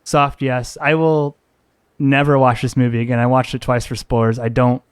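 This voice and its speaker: A man's voice: medium pitch, level tone, normal speed, clean tone, dry recording. Casual male podcast co-host, dry sound. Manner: loose, swearing, laughs between remarks. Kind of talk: casual chat.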